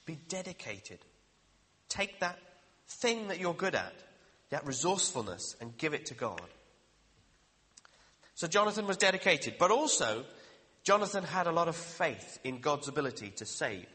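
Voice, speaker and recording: Preacher, male, bright lively voice, earnest sermon, reverberant hall. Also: fairly high pitch. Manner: earnest, questioning, slows down for emphasis.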